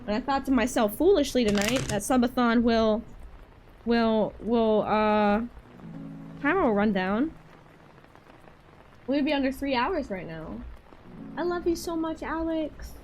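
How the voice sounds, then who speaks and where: A woman with a Georgia accent chatting casually with her live-stream audience and doing tarot readings, excitable and playful. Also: fairly high pitch, a little slow, long pauses, a little hiss or hum, poor audio. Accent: Southern US, Georgia. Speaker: livestreamer.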